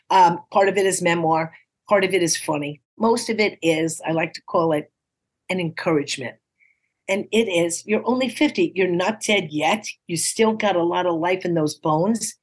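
This sixty-something woman from New York City is a comedian guesting on a podcast, spinning stories in a casual interview. Her pitch runs on the low side and her pace is moderate, while her delivery stays lively, encouraging and punchline-driven, with quoted lines performed in playful voices.

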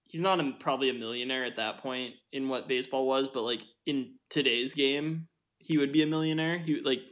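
A man's voice: mid-range voice, brisk, a bit bright. A young man co-hosting a podcast, chatting casually about a film, rambling with lots of fillers and frequent laughter. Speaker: podcast co-host.

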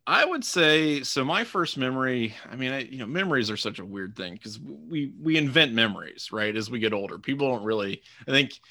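A man's voice: mid-range voice, lively intonation, a little fast, few pauses, sharp tone, dry recording, studio quality. A man co-hosting a podcast, chatting reflectively in a casual way with frequent ums. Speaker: podcast co-host. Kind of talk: casual chat.

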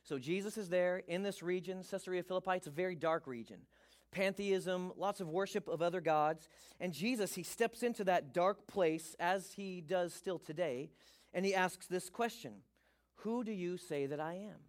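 High-voiced male pastor preaching. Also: moderate pace. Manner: lively, joking with the congregation. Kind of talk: sermon.

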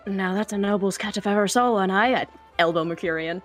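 A woman's voice: mid-range voice, brisk, faint music behind. A woman playing a tabletop roleplaying game, playful and eager, who laughs often. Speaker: player. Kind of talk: casual tabletop game play.

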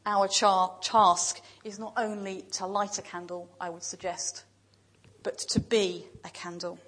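A woman preaching a sermon in a church, speaking in measured, emphatic lists with pauses. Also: mid-range voice, little pitch movement, a bit bright, rough recording.

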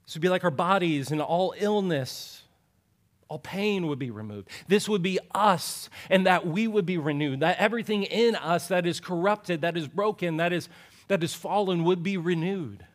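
A man preaching a sermon earnestly, often repeating words and sinking low and soft on key words, with playful asides. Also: normal speed. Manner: playful asides with joking voices.

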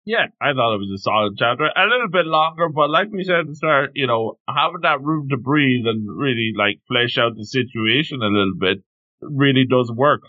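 A man co-hosting a podcast, chiming in with quick wisecracks in casual manga talk. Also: medium pitch, lively intonation, no room sound. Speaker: podcast co-host. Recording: dull, muffled lo-fi mic.

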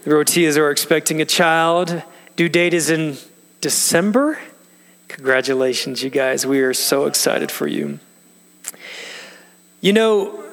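A man's voice: a little high, a bit bright. A man preaching a sermon as pastor, earnest and emphatic, asking the congregation questions as he explains a passage. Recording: long reverb of a large hall.

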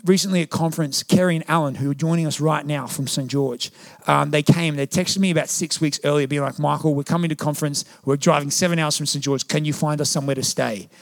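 A young pastor preaches with conversational passion, swapping in stories as he goes. His voice sits fairly high with a gravelly edge. The sound is close and dry. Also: fairly even intonation, fast talker, no room sound. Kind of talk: sermon. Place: church.

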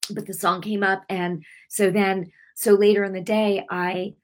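A woman's voice: mid-range voice, little pitch movement, measured pace. Middle-aged woman preaching on her weekly broadcast, emotional and rambly, lots of restarts. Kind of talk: heartfelt sermon with personal testimony.

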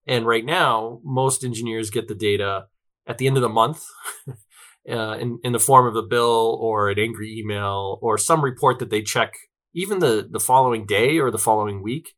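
A man's voice: fairly low pitch, moderate pace, fairly bright tone. A man talking as an interview guest, chatty and loose, tagging his points with "right?" and plenty of fillers. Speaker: guest, tech company representative. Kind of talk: conversational interview answers.

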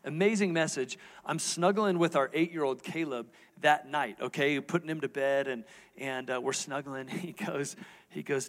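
A man's voice: fairly high pitch, moderate pace. Candid man preaching in a big hall. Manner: candid, conversational, asks the audience questions. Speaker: lead pastor. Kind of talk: sermon. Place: church auditorium stage. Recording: reverberant church hall.

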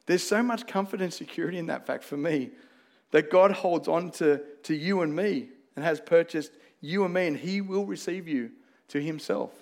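An Australian-accented pastor preaches with earnest, conversational warmth, weaving personal stories into his sermon. His voice is a little high with a darkish tone, and he speaks at a moderate pace.

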